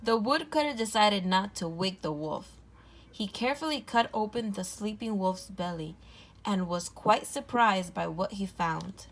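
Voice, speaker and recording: Woman, storybook read-aloud, gentle, clear, even pacing. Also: medium pitch, a little slow.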